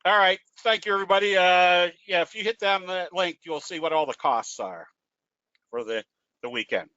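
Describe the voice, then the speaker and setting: A man presents a trading webinar, folksy and given to jokes. His voice sits a little high. The sound is dry and lo-fi, like a webinar call. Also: normal speed, pushed and bright, no room sound. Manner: folksy, tells jokes, restarts often. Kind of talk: casual webinar talk. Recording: dull lo-fi dry audio.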